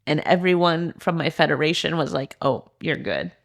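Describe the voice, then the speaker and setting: Low-voiced woman telling her story candidly. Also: lively intonation, moderate pace. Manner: earnest, heavy use of "like" fillers. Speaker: podcast guest, former elite swimmer and coach.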